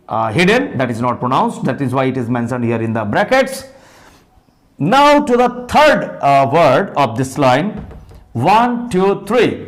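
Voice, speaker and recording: Male English teacher, Indian English accent, high and lively pitch, spells out words and answers his own questions. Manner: spells words letter by letter and counts sounds aloud. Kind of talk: phonetics lesson.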